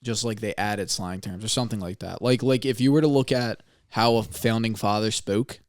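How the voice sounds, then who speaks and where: A man's voice: on the low side, steady tone, normal speed, dry recording. A young man co-hosting a casual comedy podcast, talking loosely and offhand. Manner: loose, offhand, says "like" a lot. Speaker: podcast co-host.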